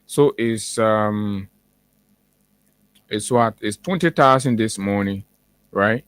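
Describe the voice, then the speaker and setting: Combative Liberian radio host, dry studio sound. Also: male voice, fairly low pitch, slow, a bit bright, clean tone, no room sound. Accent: Liberian English. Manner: combative, repetitive, many fillers and restarts. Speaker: morning show host. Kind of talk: heated political commentary.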